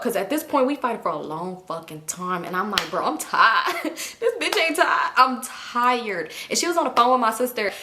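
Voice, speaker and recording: A young woman tells a storytime tale straight to camera. Her voice sits a little high and rings bright and forceful. She is animated and profane, with laughs running through the telling. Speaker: vlogger.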